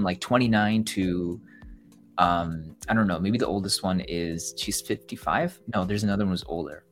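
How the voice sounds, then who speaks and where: A young man co-hosting a podcast, talking casually and reflectively, rambling and acting out what others told him. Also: lowish voice. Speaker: podcast co-host. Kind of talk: casual chat.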